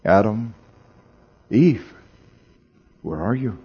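Guy doing god, soft sad dad calling for his kids, slow and gentle. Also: fairly low pitch, lively intonation, slightly rough, muffled recording, full character voice. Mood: searching. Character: God, a grieving, seeking father.

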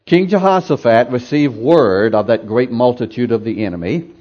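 A man's voice: mid-range voice, moderate pace, a little mellow, muffled recording. A man preaching a sermon, emphatic and repeating phrases for effect, asking the congregation to answer him. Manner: asks the congregation for responses.

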